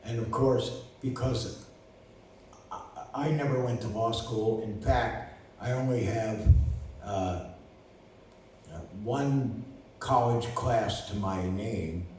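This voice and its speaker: Older male storyteller, rambling, halting delivery, far from the mic, faint hiss. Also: medium pitch, darkish tone. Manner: rambling, with many fillers and restarts. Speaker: lawyer and guest. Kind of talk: casual storytelling. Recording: roomy distant recording with faint noise.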